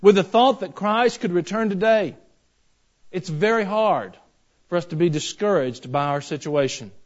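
A man delivers a sermon in a folksy, joking way that builds into fervent preaching. His voice sits a little high for a man. The recording sounds dull and lo-fi. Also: normal speed. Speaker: pastor.

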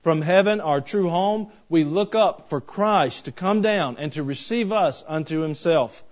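A man's voice: a little high, a little slow, muffled recording. A man preaching a sermon. He talks in a folksy, joking way that builds into fervent preaching. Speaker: pastor.

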